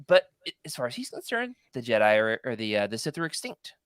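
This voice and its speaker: An animated man hosts a casual podcast discussion, his pitch swinging widely as he makes his points. The sound is dry and close, with no room around it. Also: fast talker, smooth, no room sound. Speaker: podcast host. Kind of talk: casual roundtable chat.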